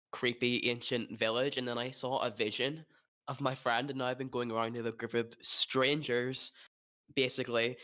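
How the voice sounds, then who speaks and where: A man playing his character in a tabletop role-play, talking haltingly and despairingly, with nervous laughs. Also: medium pitch, bright, forceful tone. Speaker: player.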